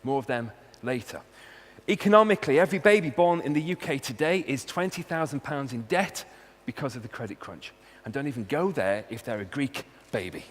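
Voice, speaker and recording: A man's voice: medium pitch, lively intonation, a little fast, hardly any pauses. A man with a Welsh accent, a university researcher giving a humorous talk and hitting key words with punchy emphasis. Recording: long hall reverb, faint hum.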